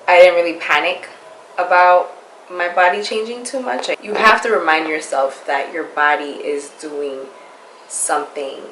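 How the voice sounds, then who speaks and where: A woman's voice: low voice, fairly bright tone. A young woman vlogger chatting candidly and casually, with slangy, chatty talk. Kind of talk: casual chat. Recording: echoey room, faint background noise.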